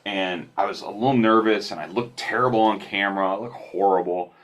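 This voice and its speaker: A man guest on a podcast, telling stories casually over a remote call, animated and self-deprecating with frequent restarts. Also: on the low side, fairly quick.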